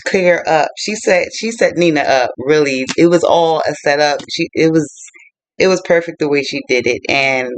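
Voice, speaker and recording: A man retelling a book's plot in a lively, colloquial way for a casual review. His voice sits somewhat high. The sound is dry and close, with no room around it. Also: moderate pace, no room sound. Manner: animated colloquial storytelling. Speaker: book reviewer.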